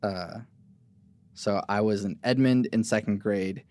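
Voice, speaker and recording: A man's voice: fairly low pitch, unhurried, darkish tone, no room sound. A young man from Oklahoma hosting a casual interview podcast, easygoing and laughing often. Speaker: podcast host.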